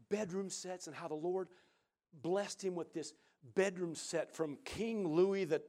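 A middle-aged man, preaching and telling a lively personal story, acting out other people's voices. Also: fairly high pitch. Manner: animated storyteller who acts out quoted voices loudly. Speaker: pastor. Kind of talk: sermon storytelling.

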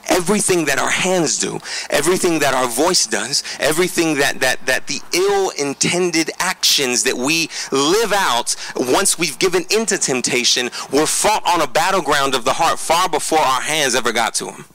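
Earnest man preaching in a bright voice. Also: a little high, expressive, poor audio. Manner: earnest, emphatic, addresses listeners directly; quick preaching with frequent restarts. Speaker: pastor. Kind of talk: conversational sermon.

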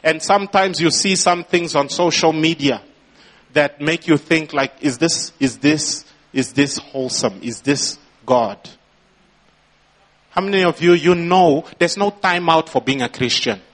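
A man preaching a sermon at a slow, deliberate pace, his voice sitting a little high for a man. He is a pastor addressing his church, leaning into emphatic rising phrases and turning often to the congregation. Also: a bit bright.

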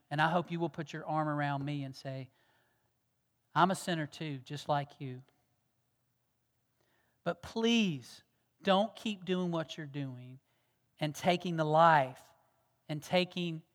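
A man preaching a sermon as pastor, earnest and pleading, moving from loud exhortation to hushed tones. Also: a little high. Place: church sanctuary. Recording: long reverb of a church hall.

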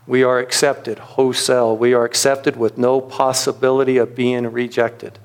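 A middle-aged man speaks in a gentle, earnest sermon voice. He tells his story slowly and reflectively, pausing often between phrases. His pitch sits in an ordinary middle range. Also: level tone. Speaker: pastor.

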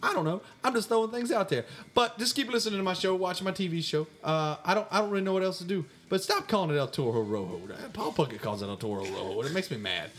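A man's voice: fast talker, few pauses, fairly bright tone. A man, co-hosting a comedy show and answering listener mail in a mock-pompous voice. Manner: mock-pompous, swings between high squeaks and low mutters. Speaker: podcast co-host answering fan mail in character.

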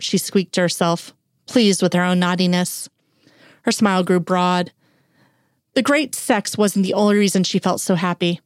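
A woman's voice: medium pitch, steady tone, moderate pace, dry recording, studio quality. Woman narrating a wry audiobook.

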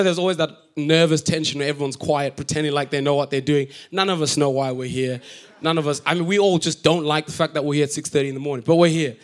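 A man preaching a sermon in a church, telling a funny personal story, joking and acting out what people say. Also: a little high. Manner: animated, joking, acts out quotes.

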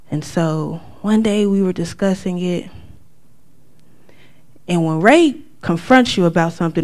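A middle-aged woman giving a church testimony in a casual, conversational way, acting out quotes with sudden high outbursts. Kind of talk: testimony talk.

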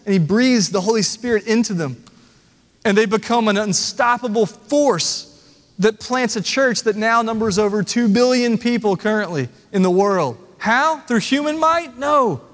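A man's voice: high voice, expressive, normal speed, fairly bright tone, in a large hall. A man preaching a sermon as the pastor, earnest and conversational, asking the congregation rhetorical questions. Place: church sanctuary.

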